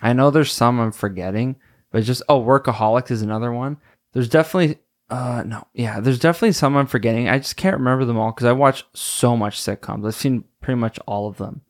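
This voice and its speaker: A man's voice: medium pitch, fairly quick. A man hosting a solo podcast, rambling casually, laughing often and stopping to search for names. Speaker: podcast host.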